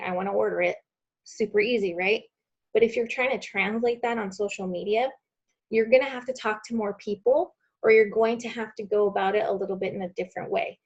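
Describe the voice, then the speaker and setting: A woman's voice: medium pitch, a little mellow, dull audio. A woman leading a sales team training call, talking to her group in an encouraging, conversational way. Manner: encouraging, conversational, direct address. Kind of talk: training call on social media selling.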